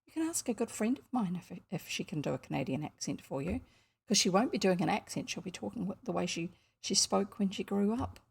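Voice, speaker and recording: Chatty New Zealand woman, gravelly husky voice. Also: medium pitch, animated, brisk. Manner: rambling, chatty, self-correcting. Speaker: audiobook reader. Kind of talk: casual chat before a reading. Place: home desk. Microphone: desk microphone.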